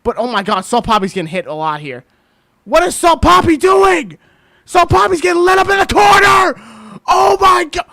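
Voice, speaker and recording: A young man streaming a live fight reaction, shouting and swearing in disbelief. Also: very high voice, lively intonation, normal speed, vocal fry, a little hiss or hum.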